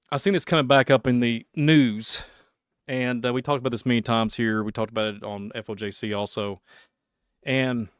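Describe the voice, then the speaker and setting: A man talks his way through a solo podcast rant, rambling and excitable, chuckling as he goes and sometimes trailing off into quiet muttering. His voice sounds smooth and resonant. The recording is close and dry. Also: mid-range voice, no room sound. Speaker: podcast host.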